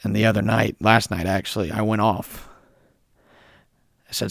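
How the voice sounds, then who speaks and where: A young man with a hoarse voice from a cold, ranting bluntly in a solo podcast monologue. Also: on the low side, steady tone, normal speed, pauses often, no room sound, clean studio sound. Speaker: podcast host.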